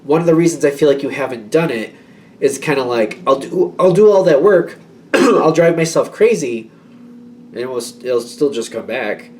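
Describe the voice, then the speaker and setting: A man's voice: fairly high pitch, animated, normal speed, darkish tone, distant mic. A man giving a casual tarot reading to his viewers, rambling and reassuring, with many fillers and restarts. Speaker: tarot reader.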